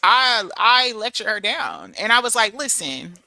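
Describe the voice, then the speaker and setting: A woman in her thirties chatting casually to her viewers, telling stories in a lively, animated way. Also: on the high side, moderate pace, dry recording. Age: 30s. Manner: chatty, storytelling, animated with laughs and quoted voices. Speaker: channel host. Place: abroad in Germany.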